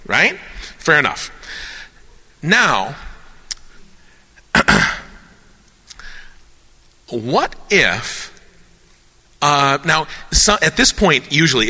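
A man leading a discussion in a casual, lecture-like way, animated and joking, thinking aloud with many restarts. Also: a little high, long reverb tail. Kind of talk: casual lecture-style talk.

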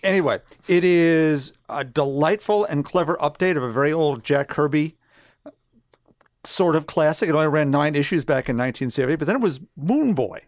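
A man co-hosting a podcast, recapping a comic in steady, detailed casual chat. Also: fairly high pitch, normal speed, no echo, studio quality. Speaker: podcast co-host.

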